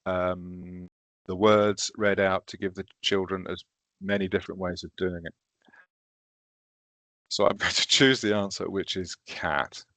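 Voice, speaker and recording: A man leading a recorded training session, walking through teaching software step by step in a casual, self-deprecating way. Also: deep voice, level tone, a little slow, pauses often, no room sound.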